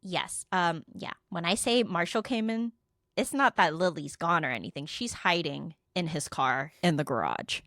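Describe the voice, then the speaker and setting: A woman's voice: fairly low pitch, animated, normal speed, fairly bright tone, no room sound, studio quality. A young adult woman co-hosting a podcast, casually telling a story, acting out quotes and swearing freely. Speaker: podcast co-host.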